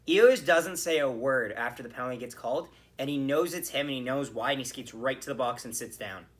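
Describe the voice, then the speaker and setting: A man hosting a podcast, reacting to a hockey game in a casual, animated way, with bursts of swearing. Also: mid-range voice, fairly quick. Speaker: podcast host.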